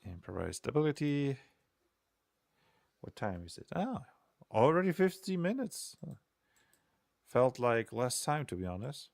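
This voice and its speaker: A man's voice: mid-range voice, sing-song, measured pace, pauses often, a little mellow, no room sound, clean studio sound. A young man streaming while he programs, chatting casually and rambling in a self-deprecating way with frequent chuckles. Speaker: game designer streaming programming.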